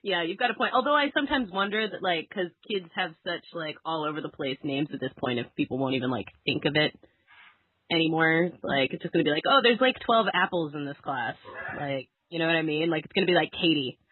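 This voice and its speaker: A woman's voice: low-pitched, fast, husky, dry recording. A young woman co-hosting a casual podcast, chatty and giggly, with lots of filler words. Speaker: podcast co-host. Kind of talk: casual chat. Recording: tinny phone-like sound, very dry.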